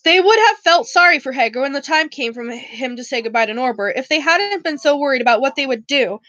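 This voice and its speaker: A woman's voice: high voice, animated, fairly quick, bright, forceful tone, no echo. A woman casually reading a novel aloud for a book club, often stumbling over words and correcting herself. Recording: dull, dry lo-fi recording.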